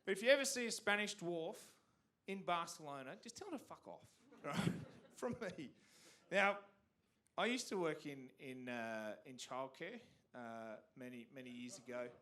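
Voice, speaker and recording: A man's voice: on the high side, expressive, moderate pace, bright, forceful tone. An Australian man telling a rambling, profane stand-up comedy story on a theatre stage.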